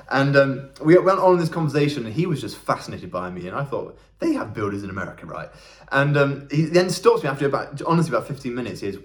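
A young man giving a relaxed devotional Bible talk, chatty and self-deprecating, often laughing as he tells a story. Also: medium pitch, brisk. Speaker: church worker training as vicar.

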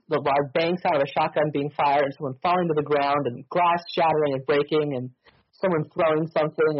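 A man narrates a tabletop mystery game as its game master, rambling along with frequent ums and uhs. His voice sits a little high and sounds husky. The recording is dull and muffled, with a dry, close sound.

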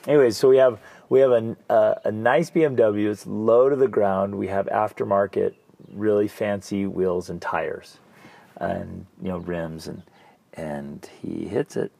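A middle-aged man, co-host of a parenting talk show, telling a personal story in a casual, animated way, acting out his own past thoughts. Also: lowish voice, unhurried, creaky, no room sound. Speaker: podcast co-host.

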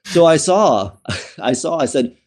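This interview guest's voice sits on the high side, with a sing-song lilt, a measured pace and a darkish tone. He shares a personal story conversationally and candidly, using fillers and restarts and laughing often.

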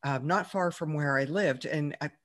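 A woman with a low voice, speaking at a moderate pace, is an interview guest chatting through a personal story, using many fillers and laughing easily.

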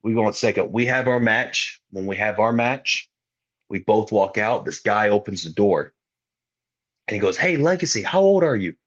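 A man's voice: lowish voice, fairly even intonation, normal speed, fairly bright tone. A man in his twenties, a guest wrestler, telling a story in casual podcast talk and animatedly acting out other people's lines. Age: 20s. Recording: muffled lo-fi recording.

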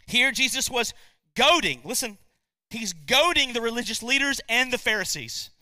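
A man's voice: very high-pitched, bright, forceful tone, clear, resonant tone, no echo, studio quality. A man preaching a sermon as pastor, emphatic, repeating key lines and asking the congregation questions.

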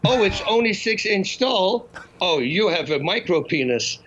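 A man from the Netherlands with a Dutch accent, a podcast guest telling animated stories and laughing often. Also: high voice, a little slow, a little hiss or hum. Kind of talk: casual chat. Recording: slightly muffled lo-fi recording.

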